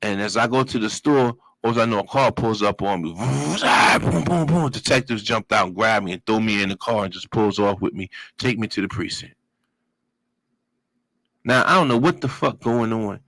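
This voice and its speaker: Speaking at normal speed in a lowish voice, a man from Brooklyn, New York, animatedly tells his life story as a guest, full of cursing, street talk and vocal sound effects. It's a casual, low-quality recording without echo.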